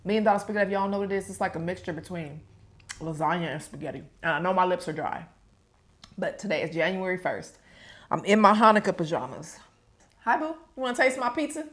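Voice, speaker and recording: A woman's voice: on the low side, expressive, fast. A woman vlogger chatting casually with her viewers while she eats a meal on camera. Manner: chatty, talks straight to viewers. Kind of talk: casual mukbang chat.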